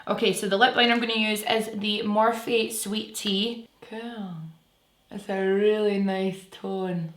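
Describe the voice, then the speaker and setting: A woman's voice: medium pitch, fairly even intonation, unhurried. A woman with a Scottish accent chatting casually and gushing while she does her makeup in a tutorial at home. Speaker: beauty vlogger. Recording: roomy sound with faint music.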